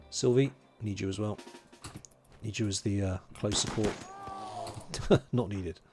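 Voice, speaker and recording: A man's voice: on the low side, fairly even intonation, measured pace, pauses often, over music. A man from London, streaming a game, chatting casually, muttering to himself while he plays and greeting viewers in chat. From England (London). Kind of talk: casual livestream commentary.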